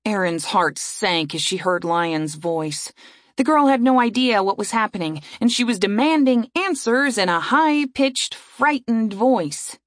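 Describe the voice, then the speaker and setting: A woman narrating a fantasy audiobook in a steady storytelling voice. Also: mid-range voice, unhurried, dry recording, studio quality.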